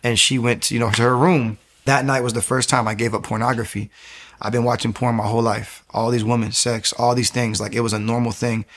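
A man telling his personal religious testimony in an animated, conversational way, acting out quotes. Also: a little fast. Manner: animated, acts out quotes with sudden high pitch jumps. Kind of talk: emotional conversational storytelling.

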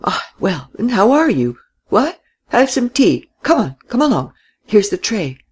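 A reader voicing an old, courtly gentleman who babbles and fumbles with his words in a storybook reading. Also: mid-range voice, very animated, measured pace, breathy edge, voice pushed up. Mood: genial, babbling. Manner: babbling, hesitant, with little "eh? what?" tags.

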